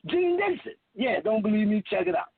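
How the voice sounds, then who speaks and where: A man's voice: sits high, very animated, a little fast, husky, no echo. A man in his fifties delivering a rambling, profane, preachy monologue as a self-proclaimed messiah. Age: 50s. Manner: preachy, emphatic, heavy swearing. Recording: tinny phone line, dry.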